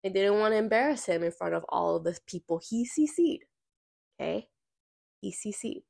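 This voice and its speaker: A woman podcaster with a mid-range voice, moderate pace, and vocal fry tells a workplace story as a casual rant. She's sassy and curses freely, animating the tale by impersonating those she quotes.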